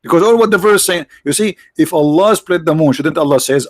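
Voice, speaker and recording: A man hosts a live stream in a mocking, sarcastic manner and keeps firing off rhetorical questions. His voice sits a little high and sounds tired, and he clears his throat now and then. The recording is dry and close, with no room sound. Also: a little fast, few pauses, dry recording. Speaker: online show host.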